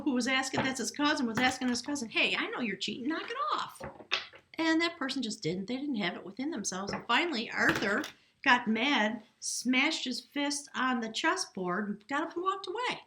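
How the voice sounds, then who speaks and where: A woman's voice: a little high, a bit bright. Earnest woman reading tarot to camera. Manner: earnest, coaxing, keeps checking in with the viewer. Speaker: tarot reader.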